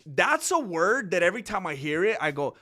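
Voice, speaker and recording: A man's voice: high-pitched, big pitch swings, brisk, sharp tone. A young man hosting a casual commentary channel, talking off the cuff in a rambling way with lots of restarts and fillers.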